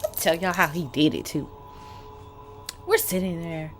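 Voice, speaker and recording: A woman vlogger telling a personal story to the camera in a chatty, expressive way, talking straight to her viewers. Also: lowish voice, measured pace, faint music behind.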